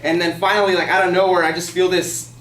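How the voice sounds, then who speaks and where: A man's voice: high voice, flat delivery, fast, fairly bright tone. A young man casually telling a personal story to a class, rambling and peppering his speech with "like" and profanity. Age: young adult. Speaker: student storyteller. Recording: echoey classroom, mic far off, faint hiss.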